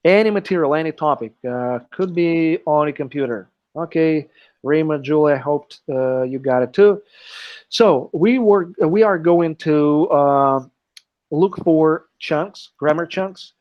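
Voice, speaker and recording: A man's voice: fairly high pitch, a little slow. A man teaching an English class live online, explaining step by step and checking in often with "okay", heard through a computer mic on a video call. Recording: dull lo-fi online call audio.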